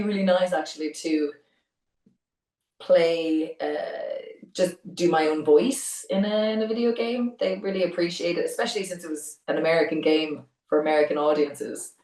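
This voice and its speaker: A young adult Irish woman, a voice actor chatting in an interview, talkative and quick to laugh. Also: fairly low pitch, darkish tone, roomy sound, far from the mic, rough recording. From Ireland. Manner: chatty, laughs often, many restarts. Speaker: voice actor guest. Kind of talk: casual interview chat.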